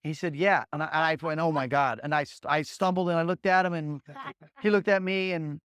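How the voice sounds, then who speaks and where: High-voiced, animated sales trainer man. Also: brisk, clear, resonant tone, no room sound. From Las Vegas, Nevada. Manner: animated, acts out sample dialogues, repeats words. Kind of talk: energetic training talk.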